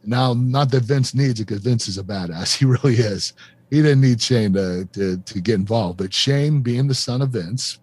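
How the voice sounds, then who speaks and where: A man's voice: medium pitch, darkish tone, breathy edge, dry recording. A middle-aged man, the host of the show, earnestly telling a confessional story in an interview, with plenty of fillers. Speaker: show host and former wrestler.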